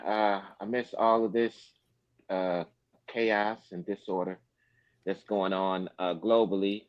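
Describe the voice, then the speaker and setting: A man hosting a live question-and-answer talk, speaking slowly and earnestly with many fillers. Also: low voice, flat delivery, dry recording, highs cut off. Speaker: host.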